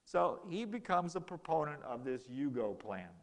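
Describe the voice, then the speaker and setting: A man's voice: on the high side, big pitch swings, moderate pace, in a large hall. A man giving a casual history lecture in a lecture room, telling it as a story and acting out the quoted exchanges.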